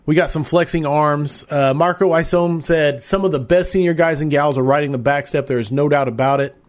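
A man's voice: a little high, fairly even intonation, a little fast. A man hosting a live-stream interview podcast, enthusiastic and chatty as he reads out viewer comments. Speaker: podcast host.

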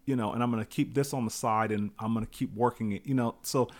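Man, solo podcast host, reflective rambling monologue, restarts and asides, mid-pitched voice. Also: steady tone, fast.

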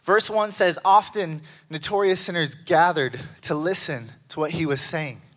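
A male pastor delivers a sermon with a high, bright voice. He tells stories animatedly, jumping up in pitch when excited. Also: normal speed.

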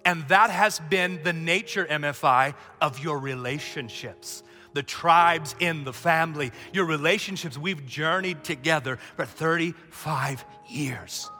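High, bright-voiced preacher in a reverberant hall. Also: male voice, measured pace. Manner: emphatic, call-and-response preaching that builds to shouts. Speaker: pastor. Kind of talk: sermon. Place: church sanctuary. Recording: long hall reverb, faint music behind.

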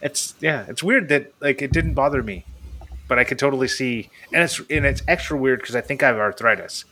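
A man's voice: medium pitch, brisk, bright, forceful tone. A man hosting a casual podcast, rambling with frequent laughs. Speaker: podcast host.

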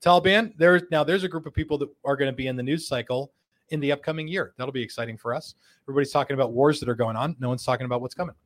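A man hosting a live show, reading viewer comments aloud with jokes, laughing often and slipping into quick voices for quotes. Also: medium pitch. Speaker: host.

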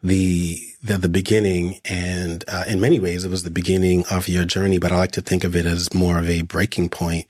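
Deep-voiced man co-hosting a podcast. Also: flat delivery, brisk, few pauses, darkish tone. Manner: playful, rambling questions with many fillers. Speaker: podcast co-host. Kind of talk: casual podcast interviewing.

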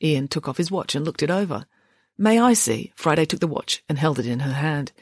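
A woman reading a children's novel aloud with lively expression. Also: fast, slightly rough, no room sound, studio quality. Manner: lively, voices dialogue with big pitch swings. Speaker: audiobook reader.

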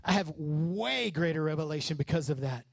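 A man preaching a sermon as pastor, passionate and rising to shouts on key lines. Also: on the high side, animated, moderate pace, creaky, no room sound.

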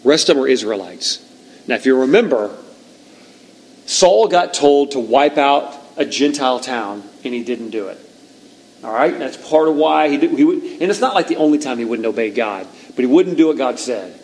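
A man preaching a sermon, reading scripture and retelling it with lively, acted-out lines. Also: mid-range voice, normal speed, low-quality recording. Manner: animated storytelling, reads scripture aloud, acts out shouts. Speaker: pastor.

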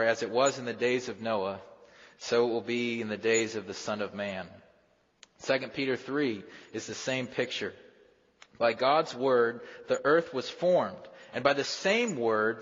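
A pastor preaching a sermon in a church sanctuary, dramatic, swinging from loud questions to hushed lines. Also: male voice, medium pitch. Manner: dramatic, rises and drops sharply, acts out quoted voices. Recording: dull sound, long hall reverb.

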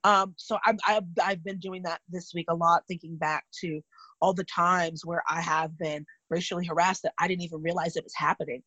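A California woman in her thirties tells personal stories in casual chat, candid and animated, with vivid asides. Her fairly low-pitched voice runs a little fast, and the recording is muffled though free of echo.

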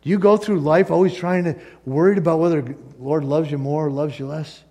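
Animated preaching man, fairly high voice. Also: a little fast, hardly any pauses. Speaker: pastor. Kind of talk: sermon.

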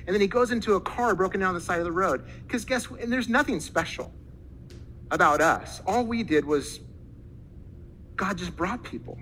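A man preaching a sermon in a high, bright voice, animated as he acts out the voices of the people in his story. Faint noise sits under the recording. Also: moderate pace, poor audio. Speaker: pastor.

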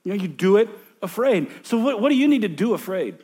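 A man in his thirties, a pastor preaching a sermon, moving from loud emphatic points to hushed storytelling. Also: sits high, sing-song, fairly quick, slightly rough. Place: church sanctuary.

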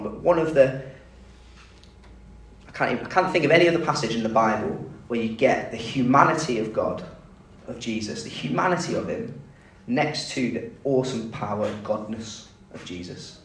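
A man preaches in a relaxed, conversational way, retelling the story and asking the congregation questions. His voice sits at an ordinary middle pitch. It carries the echo of a large room, picked up from a little way off the mic with a faint hum behind. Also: moderate pace. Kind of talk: sermon. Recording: echoey room, mic at a distance.

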